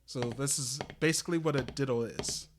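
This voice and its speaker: A man's voice: medium pitch, a little fast, noisy background. A man giving a casual live-stream drum lesson, explaining step by step with many fillers and restarts. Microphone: desk microphone that peaks on loud drum hits.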